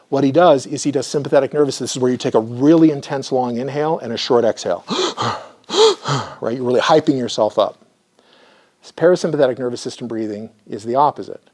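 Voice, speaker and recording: A man who works as a therapist, giving an educational lecture and demonstrating slow breathing, often checking in with "right?". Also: medium pitch, a little mellow. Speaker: therapist teaching a class.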